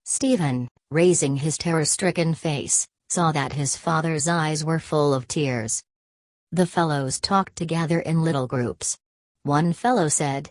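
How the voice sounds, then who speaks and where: A woman reading a classic novel aloud as an audiobook narrator, in a steady, even manner. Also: low-pitched, measured pace, dry recording. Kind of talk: scripted narration.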